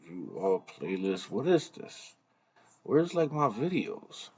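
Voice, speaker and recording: A man with a low, husky voice talks slowly through a casual live stream. He rambles and swears, muttering under his breath as he fumbles with his setup. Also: sing-song, a little mellow. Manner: profane, rambling, muttering to himself while fumbling with the computer.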